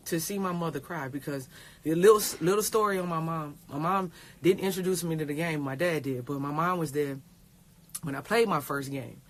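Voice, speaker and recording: A woman, talking in a rambling, tearful way on a phone livestream, repeating herself and swearing. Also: mid-range voice. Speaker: pro basketball player. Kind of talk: casual livestream talk.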